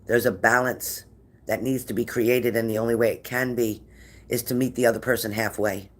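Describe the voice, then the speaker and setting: A man's voice: mid-range voice, fairly even intonation, normal speed, fairly bright tone. A man giving a tarot reading to viewers, talking in an encouraging way and often repeating his phrases. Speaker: tarot reader.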